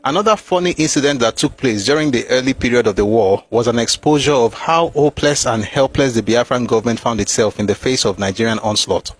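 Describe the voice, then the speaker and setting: A man's voice: medium pitch, fairly quick, few pauses, husky, faint music behind. A man reading passages from a war memoir aloud and breaking off with mocking, emphatic asides.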